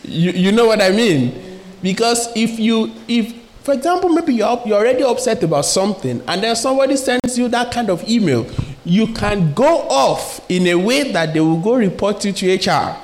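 A man preaching a sermon in a lively, conversational way, asking his listeners questions and acting out little everyday scenes. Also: high voice, moderate pace. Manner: acts out little scenes with quoted voices.

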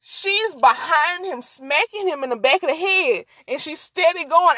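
A woman podcast host telling a story in an animated, slangy, casual way and laughing often. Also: extremely high pitch, a little slow, no room sound.

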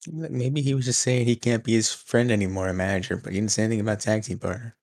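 A young man with a low voice talks wrestling on a casual podcast and gets excited as he retells the show. He acts out what the wrestlers said. The sound is close and dry, with no room around it. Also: quick pace, creaky, no echo. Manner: excitable recapper, acts out quotes. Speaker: podcast co-host.

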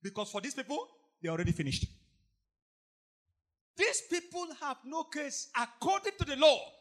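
A man preaching an impassioned sermon, repeating phrases, shouting and breaking into song. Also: very high-pitched, very animated, moderate pace. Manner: impassioned, repetitive, bursts into shouting and snatches of song.

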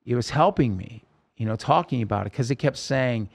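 Male podcast guest, gravelly mid-pitched voice, halting emotional retelling. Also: animated. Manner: emotional, halting storytelling with many restarts. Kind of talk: telling a personal story in a podcast interview.

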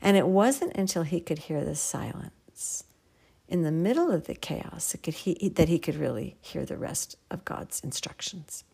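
A woman giving a devotional Bible teaching in a gentle, earnest way, sometimes dropping to a near whisper for emphasis. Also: deep voice, expressive, moderate pace, vocal fry, husky.

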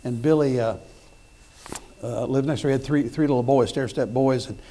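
A middle-aged pastor preaching a sermon, telling folksy stories with repeated words and restarts, then rising to loud emphatic points. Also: male voice, mid-range voice, normal speed, slight background noise.

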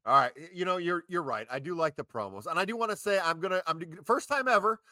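A man co-hosting a sports podcast, pushing back in lively banter. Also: high voice, fast, no room sound. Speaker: podcast co-host.

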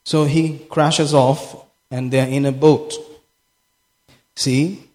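A man's voice: medium pitch, fairly even intonation, takes it slowly, darkish tone. A man preaching a sermon as pastor, impassioned and repeating phrases for emphasis. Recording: echoey hall with long reverb.

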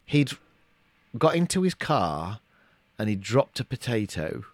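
A man's voice: lowish voice, big pitch swings, measured pace, dry recording. Rambling middle-aged man, dry sound. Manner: rambling, hesitant, full of restarts. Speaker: podcast co-host. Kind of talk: casual chat.

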